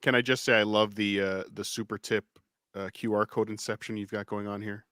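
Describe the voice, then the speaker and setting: A man's voice: lowish voice, little pitch movement, brisk, fairly bright tone, no echo, studio quality. A man co-hosting a casual podcast, sardonic and exasperated in his jabs. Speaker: podcast co-host. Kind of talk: casual call-in show banter.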